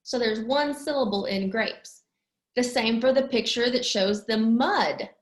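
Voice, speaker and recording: A woman's voice: on the high side, reverberant, noisy background. A woman teaching young children in a patient, sing-song way, drawing out each word as she claps it. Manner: patient, sing-song, drawn-out clapped words. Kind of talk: slow, clear lesson for young children.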